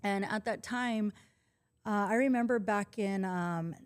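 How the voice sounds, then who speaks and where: Woman in her 40s, podcast guest, earnest calm storytelling, middle pitch. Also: a little slow, smooth. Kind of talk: casual conversation.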